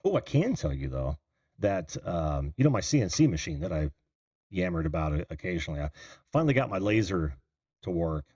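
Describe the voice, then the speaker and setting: A man's voice: low-pitched, sing-song, fairly quick, a little mellow, slightly rough, no room sound, clean studio sound. A middle-aged man hosting a call-in livestream, rambling casually and answering viewers' chat comments. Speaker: call-in show host. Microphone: computer mic on a video call.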